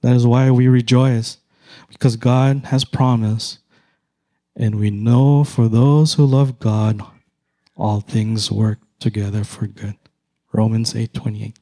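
Filipino-accented middle-aged preacher, unhurried delivery, mid-pitched male voice. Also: fairly even intonation, mellow. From Philippines. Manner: slow, measured, emphatic repetition. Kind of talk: sermon.

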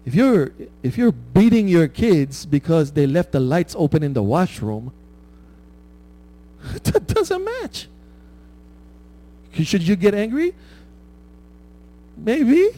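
A man's voice: on the high side, sing-song, normal speed, hardly any pauses, dark tone. A man preaching a conversational sermon, often asking "right?" and laughing at his own stories.

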